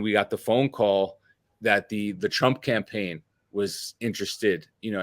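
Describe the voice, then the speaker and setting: A man's voice: fairly low pitch, a bit bright, no echo, clean studio sound. A man in his thirties, a podcast guest, telling a long casual story full of fillers and acted-out quotes. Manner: rambling, lots of fillers and quoted dialogue.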